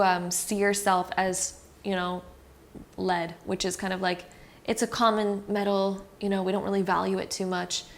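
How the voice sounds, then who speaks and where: A woman reads tarot cards for her viewers in a chatty, reassuring way, often pausing on fillers as she goes. Her voice sits at a middling pitch. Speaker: tarot card reader. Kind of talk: casual tarot reading to camera.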